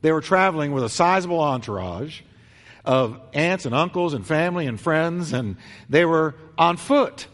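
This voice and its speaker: A man preaching a sermon, telling a story with animated voices and swinging between loud bursts and hushed, quiet lines. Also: fairly high pitch, normal speed. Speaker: pastor. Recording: long hall reverb.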